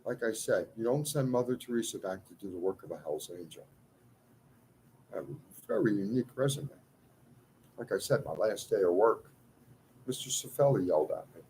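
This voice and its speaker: A man's voice: on the low side, expressive, normal speed, long pauses, dark tone, slight background noise, rough recording. A man in a ranting monologue to his followers, agitated and pleading, swinging between outbursts and muttered asides. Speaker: self-styled cleric addressing followers.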